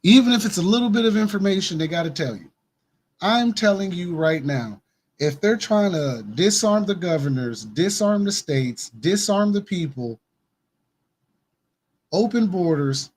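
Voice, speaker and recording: A man with a slightly raised pitch hosts a casual conspiracy news commentary. He speaks emphatically, pressing each point and repeating it for the listener. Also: animated, unhurried, a little hiss or hum. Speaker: host of a news commentary show.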